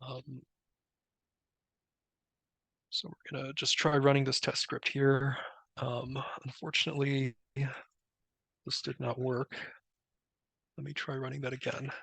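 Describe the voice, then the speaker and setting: Gravelly man walking through a demo. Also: medium pitch, measured pace, long pauses, dry recording. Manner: relaxed, filler-heavy explaining. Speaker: presenter demoing a tool. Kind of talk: live software demo.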